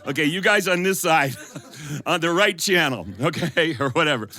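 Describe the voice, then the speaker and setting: A man's voice: fairly high pitch, expressive, normal speed, bright, forceful tone. A man telling stories and leading a sing-along before a live studio audience, chatty and laughing as he goes. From Massachusetts. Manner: chatty, laughing, leads the crowd in singing. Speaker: storyteller and songwriter.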